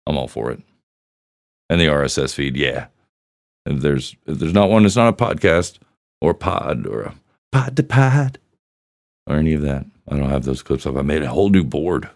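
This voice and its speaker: A man's voice: extremely low pitch, brisk, a little mellow, dry recording, clean studio sound. A man hosting a podcast, joking crudely and chatting casually as he plays voicemails. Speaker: podcast host. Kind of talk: casual banter reading voicemails.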